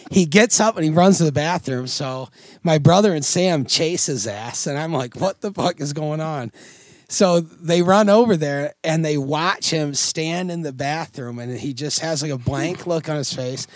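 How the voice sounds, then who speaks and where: A young man with a fairly high voice rattles off a profane, rambling story as a podcast co-host. He is from upstate New York and recorded close and dry. The delivery is loose and animated. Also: moderate pace, no echo. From Oswego, New York. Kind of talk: casual storytelling chat.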